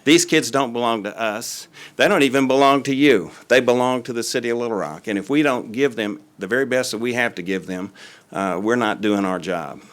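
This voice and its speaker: In a city council meeting room, an older man who serves as school superintendent gives a folksy, rambling presentation to the city board. His medium-pitched voice is a bit bright and a little fast, and he uses many fillers.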